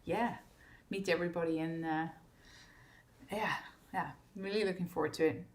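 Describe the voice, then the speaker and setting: A woman singer hosting a casual livestream for her fans, chatting easily, laughing often and filling pauses with ums. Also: fairly low pitch. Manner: relaxed and chatty, laughs often, many fillers. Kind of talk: casual livestream chat reading viewer comments. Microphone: streaming setup at a desk.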